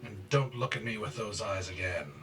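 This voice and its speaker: A man voicing a stern, zealous high priest and father who berates people loudly and slowly in a tabletop game. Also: reverberant, far from the mic, soft background music, heavily acted. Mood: angry berating. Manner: loud, slow and berating.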